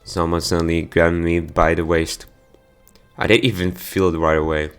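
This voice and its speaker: A man's voice: deep voice, level tone, normal speed, smooth, soft background music. A man reading a visual novel aloud for his gameplay channel, stumbling over words now and then. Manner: plain reading with stumbles and sudden outbursts.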